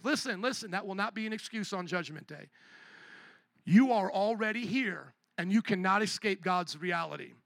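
A man's voice: sits high, moderate pace, creaky, sharp tone, no echo. A man preaching a sermon as pastor, emphatic and calling out to the congregation.

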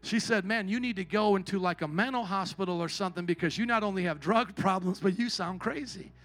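During a church service, a male pastor preaches a sermon in a high, bright, ringing voice at a slightly fast pace. He swings widely between quiet storytelling and shouted calls to the congregation.

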